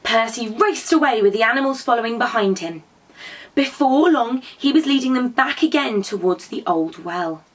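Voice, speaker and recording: A woman who teaches drama to young children, telling a story and prompting them to act it out in an animated, encouraging way. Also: fairly high pitch, normal speed.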